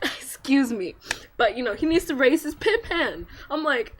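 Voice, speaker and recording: Excitable young woman ranting about manga. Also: fairly quick, a little hiss or hum. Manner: animated, acts out quotes with big pitch jumps and squeals. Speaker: manga fan vlogger. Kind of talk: excited casual fan rant.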